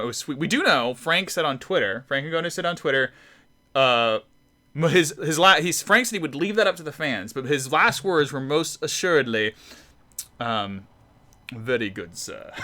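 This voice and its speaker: His mid-range voice is bright and forceful as he hosts a live stream, rambling in casual chat while drawing. He's self-deprecating and keeps restarting himself.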